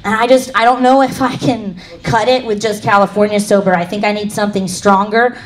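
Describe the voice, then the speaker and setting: A woman's voice: mid-range voice, steady tone, a little fast. Woman doing rambling stand-up. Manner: rambling, self-mocking, laughs at own jokes. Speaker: stand-up comic. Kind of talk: live stand-up set. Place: comedy club stage.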